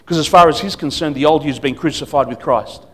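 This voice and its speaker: A man preaching as a guest speaker at a church service, emphatic, swinging between loud declarations and quiet asides. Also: on the high side, a little fast, slightly rough. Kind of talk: sermon.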